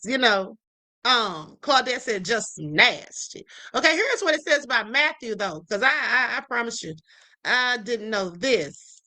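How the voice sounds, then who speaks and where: A woman's voice: sits high, pushed and bright, low-quality recording. A woman hosting a livestream, chatting in a sassy casual way about gossip and often tagging lines with "okay?" and "honey.". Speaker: livestream host. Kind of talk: casual commentary on celebrity gossip.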